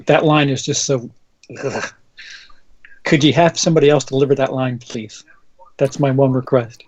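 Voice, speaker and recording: A man commenting wryly during a casual movie commentary stream, quick to laugh. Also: medium pitch, steady tone, highs cut off.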